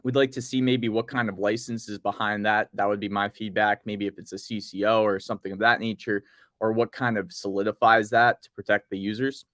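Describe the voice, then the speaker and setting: With a lowish voice and a fairly quick delivery, this podcast co-host chats casually about crypto news, meandering through his notes and reading bits of project notes out loud. The studio-quality recording has no echo.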